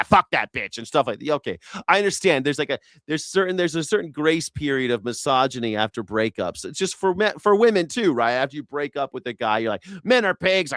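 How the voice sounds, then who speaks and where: A man hosting a live news reaction show, talking in an animated, profane, rambling way with many restarts. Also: mid-range voice, dry recording. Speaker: host.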